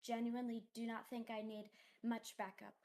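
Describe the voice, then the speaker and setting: A woman speaks easily during a tabletop role-playing session, laying out her plan and apologizing often. Her voice sits slightly high. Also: flat delivery, moderate pace, darkish tone. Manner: apologetic, easygoing. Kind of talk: casual tabletop game chat.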